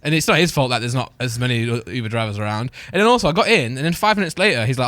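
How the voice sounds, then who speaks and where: Young man, fast and lively podcast co-host, dry close mic. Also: no echo. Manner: laughing storyteller with bursts of high excitement. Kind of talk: casual chat.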